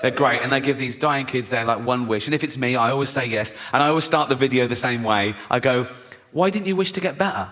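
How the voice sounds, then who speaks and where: A man's voice: medium pitch, fairly even intonation, fast talker, hardly any pauses, fairly bright tone. A male stand-up comedian with an English accent, mocking and sweary, acting out bits of voices in a live show. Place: large theatre with audience.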